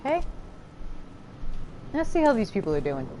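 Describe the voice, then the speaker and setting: A woman's voice: a little high, very animated, normal speed, noisy background. A woman casually commenting while she plays a video game, chatty and apologizing to the characters. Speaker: gameplay streamer. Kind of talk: casual let's-play commentary.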